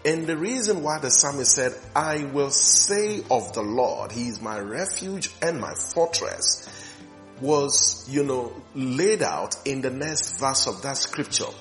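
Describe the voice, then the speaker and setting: A male pastor delivers a recorded sermon at an unhurried pace, his pitch swinging widely as he stresses each repeated scripture line. Faint music plays beneath his voice. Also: lively intonation, a bit bright. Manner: slow, emphatic preaching with drawn-out repeated scripture lines.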